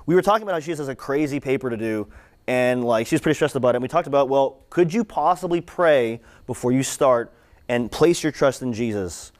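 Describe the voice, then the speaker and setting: A man's voice: mid-range voice, animated, brisk. A man giving a casual, conversational sermon to students. He repeats his questions for emphasis and adds "right?" and "like" along the way. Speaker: campus ministry speaker.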